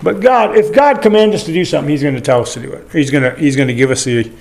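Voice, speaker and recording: A man's voice: on the high side, quick pace, gravelly, darkish tone, roomy sound. An older man preaching a sermon, telling folksy stories to the congregation.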